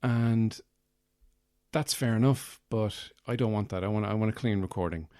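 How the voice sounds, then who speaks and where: A man's voice: fairly low pitch, moderate pace, dark tone, no echo. A man hosting a podcast in a rambling comic monologue, meandering and self-mocking, with many fillers, on a close mic. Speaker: podcast host.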